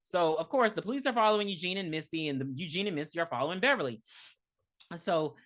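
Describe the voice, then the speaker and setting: A woman's voice: lowish voice, quick pace. A woman co-hosting a film review podcast, retelling the plot in casual chat, swearing and acting out characters. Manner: animated, swearing, acts out characters in funny voices. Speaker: podcast co-host.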